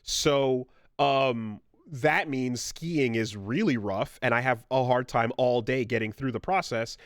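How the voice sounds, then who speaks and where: A man co-hosting a podcast, telling a story in casual chat, animated and swearing freely. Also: mid-range voice, a little slow, dry recording, studio quality. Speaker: podcast co-host.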